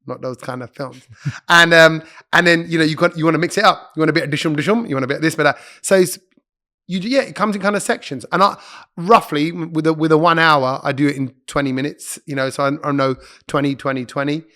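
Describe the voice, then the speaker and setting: A middle-aged man, a broadcaster and comedy host, talking quickly and animatedly in a casual podcast chat, slipping into put-on voices. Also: on the high side, bright, forceful tone.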